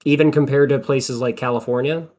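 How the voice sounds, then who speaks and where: A young man from Illinois chats on a podcast, lively in his storytelling and keen to explain the details. His voice sits at a plain middle pitch. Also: fairly quick. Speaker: podcast co-host. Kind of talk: casual chat.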